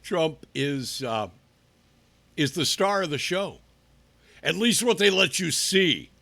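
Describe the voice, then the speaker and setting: Combative husky talk show host man. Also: on the high side, lively intonation, slow pace, sharp tone. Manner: combative, rhetorical, profane. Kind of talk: live opinion talk show.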